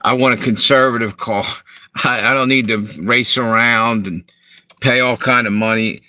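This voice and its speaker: A man's voice: mid-range voice, fairly even intonation, normal speed, sharp tone, dry recording. A man from Delaware, chatting casually on a live stream from his parked car, greeting viewers and rambling between comments.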